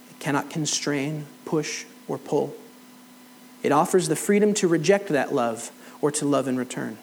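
A man's voice: fairly high pitch, a little hiss or hum, low-quality recording. A middle-aged man preaching a sermon, telling a personal story and acting out both sides of the conversation. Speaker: pastor. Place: church hall.

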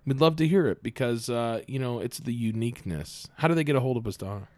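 A man's voice: mid-range voice, fast, a little mellow, no echo. A man hosting a casual podcast, joking and teasing his co-host as he talks.

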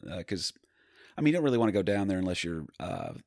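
A man's voice: sits low, very animated, fast talker, creaky, a little mellow, no room sound, clean studio sound. A man from New Jersey, a stand-up comedian, telling rambling stories full of fillers and restarts. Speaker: stand-up comedian, podcast guest. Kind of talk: casual storytelling.

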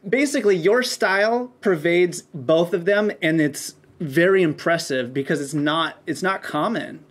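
High-voiced easygoing man chatting. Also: unhurried. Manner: easygoing, interested, uses slang. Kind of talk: casual conversation.

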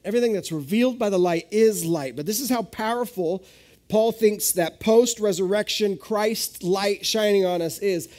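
A male pastor delivers an animated live sermon in a fairly high voice. He tells his stories with sudden leaps in pitch and volume. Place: church hall, live service.

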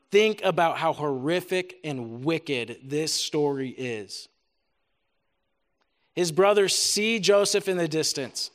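High-voiced man preaching at a retreat. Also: fairly bright tone. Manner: reads scripture then preaches with rising intensity; casual filler "like" while preaching. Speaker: retreat speaker. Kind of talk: sermon, scripture reading.

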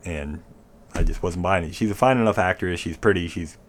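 A man's voice: sits low, brisk, a little hiss or hum. A man chatting casually as a podcast co-host, opinionated and rambling, swearing freely. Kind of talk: casual chat.

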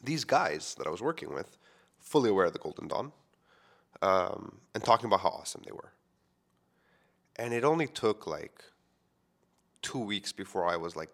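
Casual rambling man, lowish voice. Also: sing-song, moderate pace, pauses often. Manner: casual, rambling, many "like" fillers. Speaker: podcast host. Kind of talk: personal storytelling.

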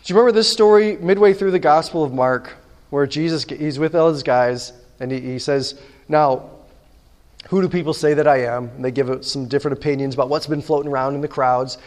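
A man preaching in a lively storytelling way, acting out the lines of the people in his story. His voice sits a little high for a man. The sound rings with a long reverb, as in a large church. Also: fast. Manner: animated storytelling, acting out dialogue. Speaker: pastor. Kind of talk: sermon.

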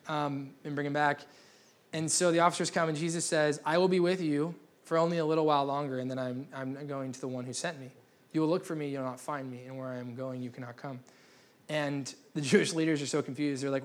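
Casual joking male preacher, slightly high. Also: steady tone, fairly quick. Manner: casual, joking, restarts often. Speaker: pastor. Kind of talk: sermon. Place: church gathering.

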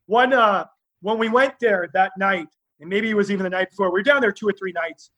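A man telling lively stories as a guest, acting out the other people in his tales. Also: high voice, brisk, muffled recording. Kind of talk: animated anecdotal storytelling.

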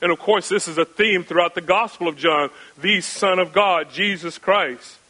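A male pastor preaching with a bright, forceful and fairly high voice. He builds his sermon on rhetorical questions and emphatic repetition, and his delivery swings between raised and hushed passages. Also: moderate pace, rough recording. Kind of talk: expository sermon.

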